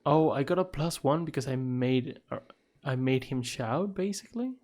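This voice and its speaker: Dude streaming a game, chatty, laughs a lot, reads stuff out. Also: male voice, medium pitch, lively intonation, moderate pace, darkish tone. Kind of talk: casual gameplay commentary.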